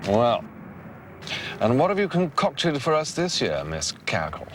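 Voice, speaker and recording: An actor playing a suave, commanding grand wizard. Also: male voice, mid-range voice, huge pitch swings, a little slow, a little hiss or hum. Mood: lordly. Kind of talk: TV movie acting.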